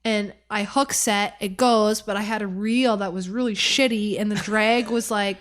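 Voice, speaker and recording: A woman guest on a podcast, telling a fishing story in a casual, animated way with many fillers. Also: mid-range voice, normal speed.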